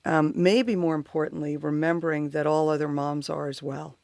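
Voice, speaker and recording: A woman's voice: deep voice, steady tone, normal speed, creaky, a little mellow, no room sound. A woman who is a mother and runs workshops for moms, a guest on a talk show telling her story with animation. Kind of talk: casual interview chat.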